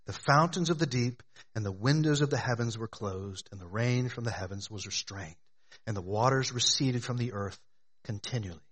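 A man's voice: mid-range voice, moderate pace, fairly bright tone, husky. A man preaching a sermon to a congregation, emphatic, often asking questions and answering them. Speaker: pastor.

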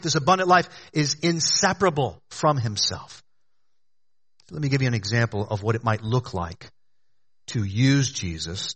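A man preaching a sermon in a conversational way, talking to the congregation as "y'all", rising to loud emphatic lines and dropping to hushed ones. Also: husky. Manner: swings between loud emphatic rises and hushed low drops. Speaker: pastor.

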